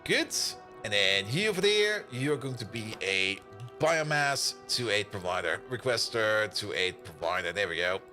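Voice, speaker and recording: Lively, bright-voiced male game streamer. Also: on the low side, unhurried, soft background music. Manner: animated, laughs often, swears casually. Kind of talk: casual live-stream chat while playing.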